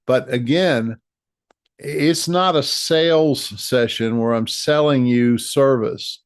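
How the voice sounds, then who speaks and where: A man's voice: medium pitch, slow, no room sound, clean studio sound. A middle-aged man giving a coaching talk on leadership, earnest and given to repeating and restarting his phrases. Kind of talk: direct-to-camera coaching talk.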